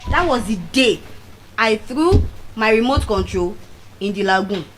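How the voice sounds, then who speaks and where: A middle-aged woman with a Nigerian accent, giving a motivational speech as animated storytelling and repeating key phrases for emphasis. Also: on the high side, unhurried, faint music behind, low-quality recording. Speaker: motivational speaker. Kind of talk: public speech.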